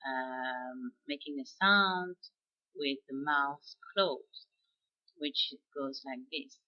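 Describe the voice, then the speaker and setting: A woman giving a slow, deliberate pronunciation lesson and demonstrating each sound. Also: a bass voice, highs cut off. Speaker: French pronunciation teacher. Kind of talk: slow spoken language lesson.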